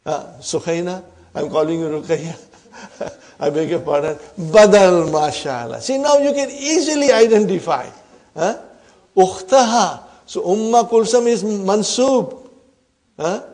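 Slow-spoken, higher-pitched male Arabic teacher. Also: darkish tone. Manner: questioning, often prompting students with "huh?"; addresses class as brothers and sisters. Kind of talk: classroom grammar lesson.

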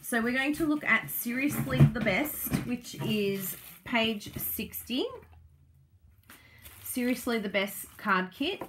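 Gushing excitable woman unboxing crafts. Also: medium pitch, a little hiss or hum. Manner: gushing, excitable, laughs often. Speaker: craft vlogger and product demonstrator. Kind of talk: casual unboxing chat.

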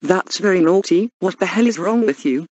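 A woman's voice: lowish voice, animated, moderate pace, a little mellow, no echo, lo-fi sound. A synthetic female voice playing a protective, caring girlfriend in a cartoon who scolds bullies and comforts her partner. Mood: scolding.

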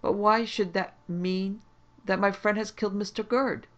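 A man voicing an indignant doctor who runs seances, protesting in a high-strung way. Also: fairly even intonation, moderate pace, fairly bright tone, dull audio.

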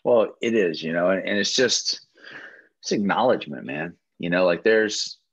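A man's voice: deep voice, moderate pace, slightly rough, dry recording, muffled recording. A man hosting a webinar over video call, talking in a laid-back way full of "man" and "you know.". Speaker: webinar host. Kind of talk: casual group video-call chat.

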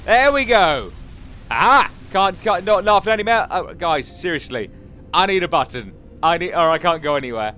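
A man giving jokey, excitable commentary as he plays a video game, chatting to his viewers and taunting enemies. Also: on the high side, moderate pace, slight background noise. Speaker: gaming YouTuber. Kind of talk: casual Let's Play commentary.

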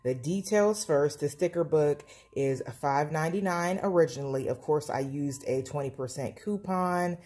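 A woman's voice: low-pitched, normal speed, hardly any pauses, warm tone, husky. Gushing woman reviewing stickers. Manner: gushing, enthusiastic, repeats praise. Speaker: planner vlogger. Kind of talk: casual product review.

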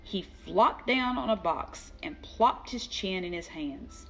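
An older woman reading a children's storybook aloud, slow and expressive, giving the characters their own voices. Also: lowish voice, soft background music. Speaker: children's book reader.

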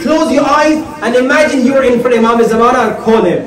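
A man's voice: extremely high pitch, quick pace, very noisy. A male cleric giving a repetitive, emphatic sermon to children, speaking straight to his listeners. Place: prayer hall of an Islamic centre. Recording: echoey hall, distant mic, audience audible.

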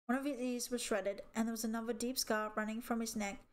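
A woman reading a children's animal novel aloud as audiobook narration in a steady storytelling way. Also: fairly high pitch, fast talker. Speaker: audiobook reader.

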